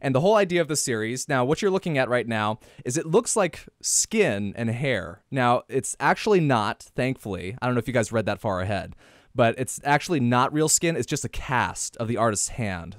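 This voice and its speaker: A man's voice: mid-range voice, no room sound. Young guy cohost, jokey and playful, swingy voice, dry close sound. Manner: joking, playful storyteller. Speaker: podcast co-host. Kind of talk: casual chat.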